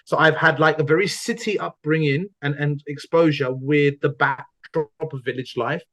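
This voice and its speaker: A young man with a London accent, co-hosting a casual podcast chat and lively in how he tells things. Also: fairly high pitch, moderate pace. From London, England. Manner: animated, often acts out quoted voices. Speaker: podcast co-host.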